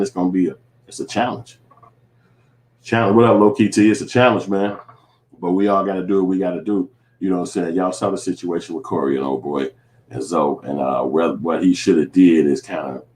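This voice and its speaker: A man with a low voice and a Chicago accent riffs to his viewers in an unscripted commentary. He swears freely, leans on street slang, and rambles, doubling back on himself as he goes. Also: a little mellow. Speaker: vlogger.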